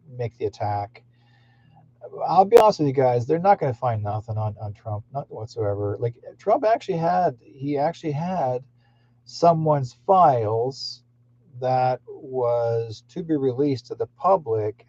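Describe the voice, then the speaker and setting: A man hosts a psychic live stream in a meandering, unscripted way, stumbling over restarts and fillers. His voice is deeply mellow and dark. The audio sounds dull and lo-fi. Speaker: psychic livestream host. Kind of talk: rambling live-stream talk.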